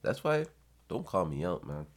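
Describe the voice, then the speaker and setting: A man's voice: low-pitched, sing-song, normal speed. A man giving blunt, profane advice in a casual rant to his viewers.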